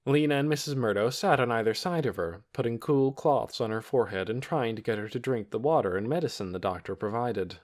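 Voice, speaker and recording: A man narrating a children's novel audiobook in an expressive storytelling manner. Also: medium pitch, brisk, few pauses. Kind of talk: scripted narration.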